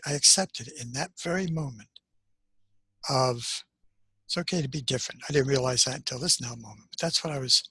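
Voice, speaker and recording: An older man gently telling a personal story from his childhood, unhurried and pausing often, as if on a video call. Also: medium pitch, slightly rough, no echo. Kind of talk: personal story, reflective monologue. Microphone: webcam on a video call.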